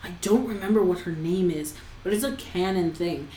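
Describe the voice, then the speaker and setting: A young woman co-hosting a casual chat, animated and swearing freely, acting out quotes. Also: lowish voice, normal speed, noisy background. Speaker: podcast co-host. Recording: echoey room.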